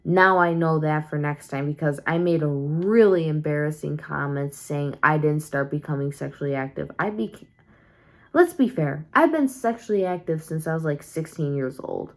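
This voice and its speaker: Tired and sleepy, a young woman vlogs casually from home at night, rambling candidly in a confessional way with many fillers and restarts. Her voice is low-pitched at a normal speed.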